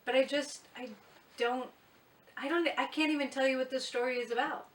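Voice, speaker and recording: A high-voiced woman speaks fairly quickly with mostly even intonation in a casual booktube video. She's chatty and blunt and makes fun of herself. The mic picks her up from a distance in an echoey space.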